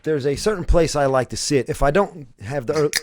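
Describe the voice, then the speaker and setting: A man's voice: on the high side, fairly quick, a little mellow, slight background noise. A man co-hosting a podcast in casual chat, teasing his partner and laughing often. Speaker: podcast co-host.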